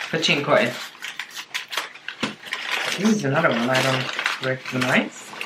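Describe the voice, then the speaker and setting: A woman unboxing plant gifts in a casual vlog, gushing and exclaiming as she talks. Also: deep voice. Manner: gushing, exclamatory, slow and drawn-out. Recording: echoey room with noticeable background noise.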